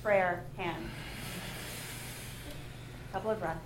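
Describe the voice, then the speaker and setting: A woman teaching a live yoga class, giving calm pose and breath cues with playful laughs. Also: on the low side, very slow, background noise. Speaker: yoga instructor. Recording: echoey room.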